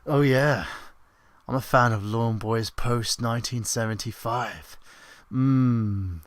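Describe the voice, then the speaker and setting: A man putting on the voice of a creepy, leering seducer, murmuring slow, breathy sex talk. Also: dry recording, lightly acted. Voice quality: low breathy murmur, drawn out.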